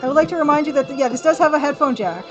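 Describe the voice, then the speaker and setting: A woman's voice: high voice, lively intonation, rapid-fire. A woman hosting a casual live stream, chatting and rambling to her viewers and laughing often. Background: faint music from a record player.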